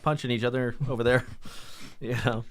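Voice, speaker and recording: A man's voice: mid-range voice, brisk. A man co-hosting a podcast, telling crude stories in casual chat and acting out the quotes. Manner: crude, animated storytelling with acted-out quotes. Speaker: podcast co-host.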